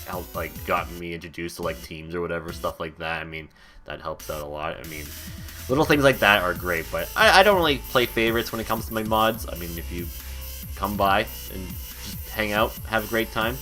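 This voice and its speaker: A young man chats casually as he answers viewer questions on his stream podcast, rambling and laughing between thoughts. His voice sits on the low side yet sounds bright and pushed forward. Soft music plays faintly underneath. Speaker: streamer hosting a channel podcast.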